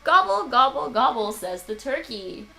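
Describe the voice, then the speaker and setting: A woman's voice: high-pitched, big pitch swings, a little slow, creaky, noisy background. A woman teaching English to children, patient and encouraging, with playful animal sounds. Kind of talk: children's ESL lesson.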